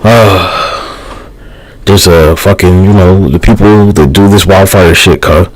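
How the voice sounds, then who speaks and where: A man's voice: low voice, fairly even intonation, slow, low-quality recording. A man live streaming, rambling loosely in a casual, profane, slangy way. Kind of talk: rambling casual livestream talk.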